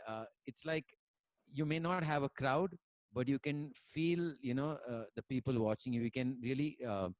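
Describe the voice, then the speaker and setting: A man chats over a video call, wandering through his stories with lots of fillers and the odd Hindi word. His voice sits at an everyday middle pitch, and the sound is dry and close with no room around it. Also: darkish tone, dry recording. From India. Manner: rambling, many fillers, mixes in Hindi words. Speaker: musician guest. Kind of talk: casual conversation and storytelling.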